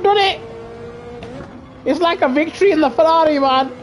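High-voiced excitable man. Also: normal speed, pauses often. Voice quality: high-pitched voice. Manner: excitable, yelling at the race, laughing often; chatty banter with viewers. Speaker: gaming streamer. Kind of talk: live gameplay commentary.

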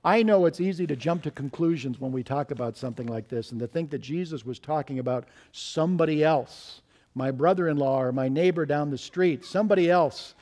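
A man's voice: on the high side, brisk, darkish tone. A male pastor preaching a sermon in a church, telling stories and asking the congregation questions in an earnest way. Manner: earnest, urges listeners to listen carefully. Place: church sanctuary.

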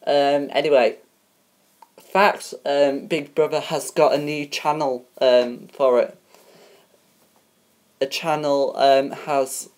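A woman's voice: extremely low pitch, darkish tone. A woman presenting a homemade mock TV show in a casual, hesitant way, full of ums and uhs and tripping over names. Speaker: host of a homemade spoof show.

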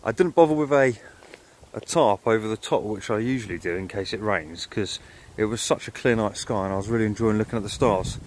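A man's voice: fairly low pitch, fairly quick, a little hiss or hum. Chatty man vlogging outdoors. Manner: chatty, storytelling, frequent fillers. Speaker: motorcycle camping vlogger. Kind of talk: casual vlog to camera. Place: outdoors at a moorland campsite in winter.

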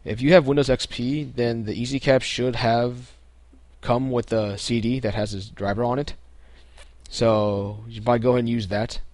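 In a dry recording, a young male tutorial host with a medium pitch and normal pace guides viewers through a computer task step by step. His manner is laid-back and casual, with frequent ums and restarts.

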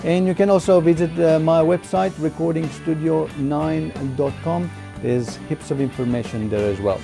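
A man hosting a casual home-studio software tutorial, talking in a halting way and pausing to search for words. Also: on the high side, creaky, over music.

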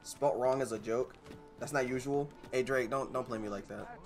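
A male streamer gives loose, rambling commentary while he plays, joking and talking to his chat. His voice sits at a middle pitch, with faint music in the background. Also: normal speed, darkish tone. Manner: rambling, jokey, talks to chat. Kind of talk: casual gameplay commentary.

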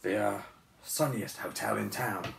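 Man doing a gruff old door bear. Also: on the low side, a bit bright, exaggerated voice. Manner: slow, dutiful, addresses everyone as miss. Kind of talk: storybook reading. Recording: roomy, distant mic, faint hiss.

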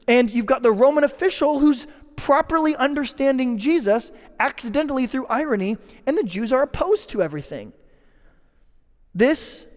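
A man preaching a sermon as pastor, emphatic, swinging between loud declarations and hushed lines. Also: high voice. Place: church sanctuary. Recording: church hall with long reverb.

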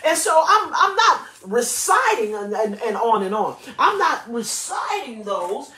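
A woman's voice: fairly high pitch, slow pace, hardly any pauses, echoey room. Laughing woman pastor preaching. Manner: lively, laughing often, emphatic preaching. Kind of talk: sermon and prayer.

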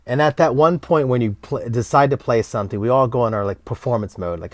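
A middle-aged man, a cello teacher, talking casually in an interview and acting out his students in quick quoted voices. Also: medium pitch, dry recording, clean studio sound.

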